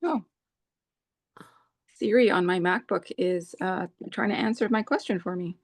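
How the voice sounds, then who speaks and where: Gravelly woman in her forties, halting. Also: medium pitch, dry recording. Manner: halting, with many fillers and restarts. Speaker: co-host of a live scrapbooking stream. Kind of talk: casual chat.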